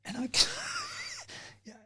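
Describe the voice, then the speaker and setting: A man's voice: very high-pitched, huge pitch swings, very slow, sharp tone, dry recording, clean studio sound. An older Australian man, a podcast guest in casual chat, telling rambling anecdotes and laughing often.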